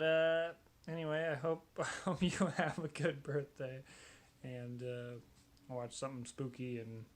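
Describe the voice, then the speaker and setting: A man recording a casual birthday message, talking haltingly with many pauses and uhs. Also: mid-range voice.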